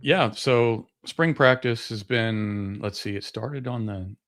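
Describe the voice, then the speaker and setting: A man co-hosting a sports podcast, chatting in a relaxed, rambling way with plenty of fillers. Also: medium pitch, slow pace. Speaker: podcast co-host. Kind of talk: casual sports chat.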